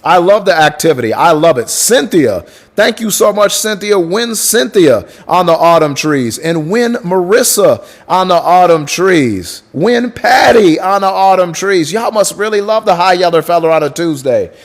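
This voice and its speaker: A man's voice: high voice, animated, normal speed. A man hosting a livestream in casual chat, swearing freely and hyping up viewers as he thanks them by name. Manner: breaks into crooning song lines. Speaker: livestream host.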